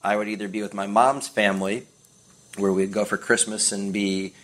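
Man, middle-aged, from the US, low voice, rambling casual storyteller. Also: little pitch movement, normal speed, a bit bright. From United States. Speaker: guest. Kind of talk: casual podcast chat.

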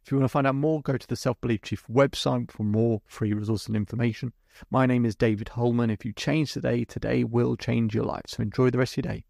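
Gravelly-voiced man telling a client story. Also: mid-range voice, steady tone, fairly quick, mellow, no echo, clean studio sound. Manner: vivid storytelling, acts out client dialogue. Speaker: podcast host and hypnotherapist. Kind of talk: storytelling monologue.

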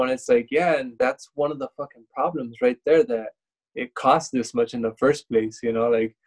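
A man's voice: medium pitch, fairly even intonation, moderate pace, low-quality recording. A man talking as a podcast guest, laid-back, with lots of casual filler. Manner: laid-back, agreeing, with loose filler talk. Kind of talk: casual chat.

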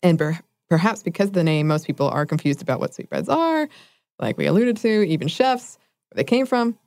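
A woman's voice: fairly low pitch, big pitch swings, fairly quick, a little mellow, no echo. A woman co-hosting a casual food chat, laughing often and correcting herself. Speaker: podcast co-host.

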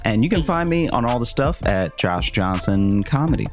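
A man co-hosting a comedy podcast, making his points in a measured, halting way. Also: mid-range voice, very animated, faint music behind. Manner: measured, halting, lots of restarts. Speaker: podcast co-host. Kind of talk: casual comedic debate.

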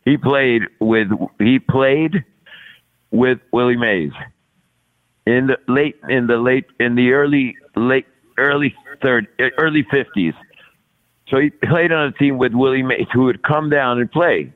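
A guest actor in his sixties tells stories in a rambling, casual way, restarting often and chuckling along. His mid-range voice is unhurried, and the lo-fi recording sounds like a phone.

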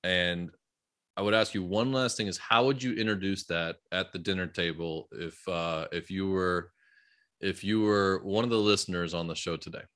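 A man with a somewhat low voice talks casually on a podcast. He tells animated stories with plenty of fillers and restarts, in the easy manner of a parent who has spent years around business. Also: normal speed. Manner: animated storyteller, lots of fillers. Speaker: podcast host. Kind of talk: casual conversation.

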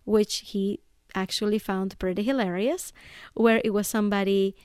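A woman's voice: mid-range voice, fairly even intonation, normal speed, darkish tone, clean tone, no echo, clean studio sound. A woman in her thirties hosting a podcast, talking casually on her own and telling a story, often checking in with "right?". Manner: chatty storyteller, keeps asking "right?". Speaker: podcast host. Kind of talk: casual solo monologue.

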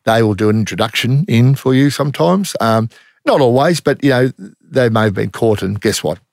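Blunt Australian ex-undercover cop. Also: male voice, medium pitch, animated, normal speed, vocal fry, darkish tone, no echo, studio quality. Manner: blunt, matter-of-fact, slangy, acts out quoted voices. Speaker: former undercover police officer. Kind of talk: casual interview storytelling.

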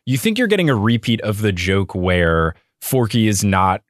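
A man's voice: lowish voice, very animated, normal speed, no room sound, clean studio sound. A young man chatting as a podcast guest, gushing with enthusiasm about what he loves. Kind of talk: casual chat.

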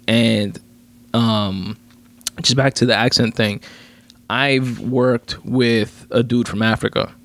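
A man's voice: medium pitch, fairly even intonation, slow pace, a bit bright. A young man hosting his own podcast, ranting casually about a movie, swearing freely, with lots of fillers and restarts. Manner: profane, rambling, many fillers and restarts. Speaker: podcast host. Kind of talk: casual solo podcast rant.

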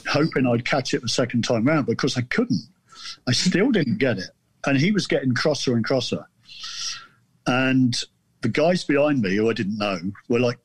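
A man from southern England, a guest author telling a story in casual chat, rambling and self-deprecating with halting restarts. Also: medium pitch, expressive, breathy edge, no echo.

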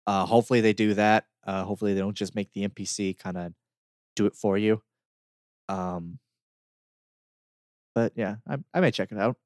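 Easygoing low-voiced man chatting. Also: steady tone, moderate pace, pauses often, a little mellow, dry recording, studio quality. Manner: easygoing, laughs often, many fillers. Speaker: podcast co-host reviewing games. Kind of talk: casual chat.

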